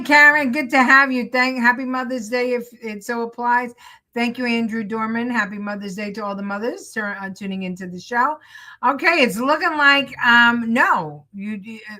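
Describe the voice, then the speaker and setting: A woman's voice: fairly high pitch, pushed and bright. A woman hosting a political talk show, chatting casually and reading viewer comments, with lots of fillers and restarts. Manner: chatty, laughs often, many fillers and restarts.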